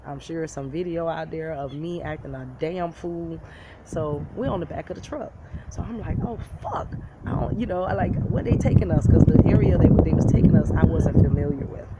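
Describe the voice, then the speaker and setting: A woman from the United States telling a personal story to camera in a blunt, profane, animated way. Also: sits low, fairly quick, muffled recording. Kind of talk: casual storytime monologue. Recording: loud background noise.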